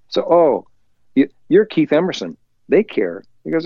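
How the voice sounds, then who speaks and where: A man's voice: mid-range voice, no echo, muffled recording. A male musician telling a story in an interview from his home recording studio, acting out the voices of the people he quotes and chuckling as he goes. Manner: talks faster when excited. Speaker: musician guest.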